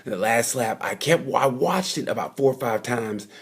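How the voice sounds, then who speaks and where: Husky, rambling motorcycle-fan man. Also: mid-range voice, lively intonation, normal speed. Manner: rambling, chatty, full of fillers and asides. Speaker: vlogger reviewing motorcycle races. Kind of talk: casual off-the-cuff race recap. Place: at the race circuit.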